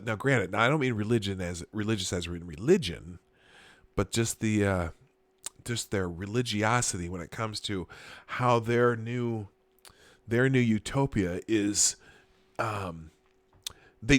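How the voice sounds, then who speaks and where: A man's voice: medium pitch, no echo. A man from Minnesota, hosting a live stream, reading chat and news with chuckles and sarcastic asides. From Minnesota, USA. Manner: chuckling, sarcastic asides, frequent filler restarts.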